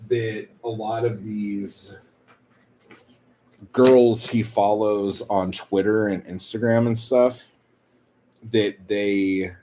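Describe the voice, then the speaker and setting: A man's voice: fairly low pitch, darkish tone, slight background noise. A young man chatting casually with his stream viewers, rambling and swearing, full of fillers like "like". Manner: rambling, profane, lots of "like".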